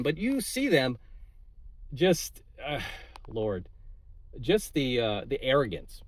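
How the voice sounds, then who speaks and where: This coaching channel host delivers an indignant, casual political rant to camera, with repeated "right?" tags and fillers like "uh" and "like." His mid-range voice swings widely in pitch, moving slowly with long pauses.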